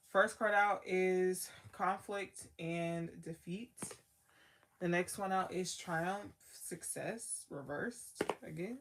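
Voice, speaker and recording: A woman's voice: fairly low pitch, a little hiss or hum. A woman giving a casual tarot card reading as the reader, talking in a loose, slangy way full of "like" and trailing thoughts.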